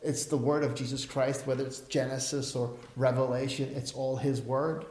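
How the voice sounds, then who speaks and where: A man's voice: medium pitch, flat delivery, normal speed, darkish tone. A middle-aged male pastor preaching a sermon, emphatic, with chatty asides and self-corrections. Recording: echoey room.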